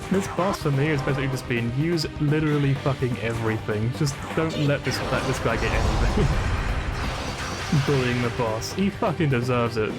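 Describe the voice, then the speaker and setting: A man's voice: medium pitch, normal speed. A man streaming a game, giving casual commentary while getting frustrated and swearing a lot. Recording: game music playing behind. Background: game music.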